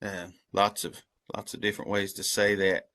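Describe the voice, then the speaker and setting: A man's voice: lowish voice, level tone, moderate pace, sharp tone. A man with a rural American accent giving an earnest, folksy talk about his community service work, then taking questions on a video call. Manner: earnest, folksy, passionate, with many restarts. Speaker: head of a community service corps.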